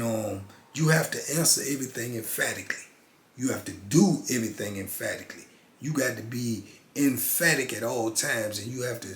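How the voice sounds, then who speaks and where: An older man talking casually and emphatically in street slang, repeating phrases for rhythm, as the host of his channel. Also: medium pitch. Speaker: channel host, former prisoner. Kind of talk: casual storytelling monologue. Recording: echoey room with faint noise.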